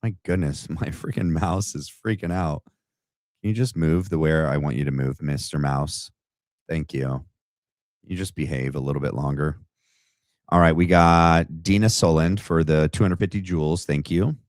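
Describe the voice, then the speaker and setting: A man's voice: very deep voice, moderate pace, no room sound, studio quality. A man hosting a livestream, giving opinionated commentary in a conversational way and reading out viewer chat. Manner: opinionated and conversational, thinks aloud. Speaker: podcast host.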